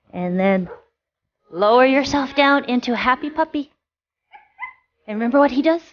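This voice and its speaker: A woman instructor gently guiding children through a yoga class with encouraging, sing-song cues. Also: high voice, lo-fi sound.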